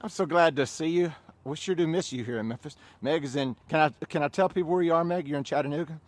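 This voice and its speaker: Fitness guy counting reps outside, kinda high voice, loud and chatty, little windscreen mic on his visor. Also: fast, no echo. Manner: loud drill-style counting, chatty asides. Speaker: fitness instructor. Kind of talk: live-streamed outdoor workout class. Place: outdoors on a windy day. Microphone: visor-mounted mic with fuzzy windscreen.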